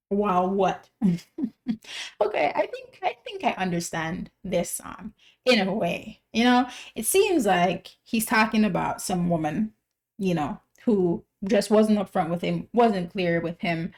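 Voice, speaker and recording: A woman hosting a reaction video, musing out loud in casual, chatty commentary full of "like" and "you know". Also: mid-range voice, expressive, measured pace.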